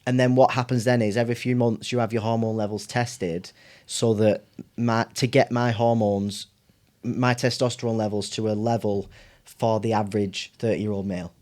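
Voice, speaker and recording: A man, a podcast guest telling a story in casual chat, animated, acting out his family's voices and laughing often. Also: on the low side, normal speed.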